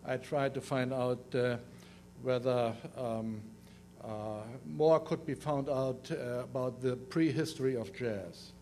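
An older man from Germany with a heavy German accent, a native German speaker giving a conference lecture in halting speech with many fillers and restarts. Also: medium pitch, darkish tone, slight background noise. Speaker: guest lecturer. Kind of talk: conference presentation.

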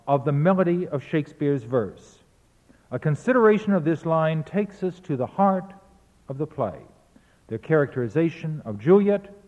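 A man lecturing on verse, explaining rhythm and chanting the beats aloud to demonstrate. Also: on the high side. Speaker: literature lecturer. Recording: tinny phone-like sound in a reverberant hall.

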